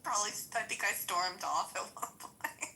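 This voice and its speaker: A woman's voice: mid-range voice, normal speed, gravelly, bright, forceful tone, a little hiss or hum. A young adult woman chatting casually, slangy and rambling with lots of fillers. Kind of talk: casual chat.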